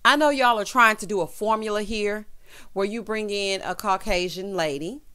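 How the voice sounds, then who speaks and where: A woman with a Southern accent talks through a reality show episode in a loose, gossipy recap style. She is sassy and theatrical, often calling people "honey" and "child." Her voice jumps between loud, emphatic bursts and quieter, knowing asides. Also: normal speed, clean tone. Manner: sassy, dramatic, keeps saying honey and child; swings between loud outbursts and low asides. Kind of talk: casual recap commentary.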